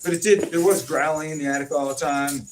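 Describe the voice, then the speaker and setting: A man telling stories in a casual chat, acting out quoted dialogue with animated swings in his delivery. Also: fairly high pitch, fast. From California. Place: informal home conversation. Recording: distant mic with faint noise.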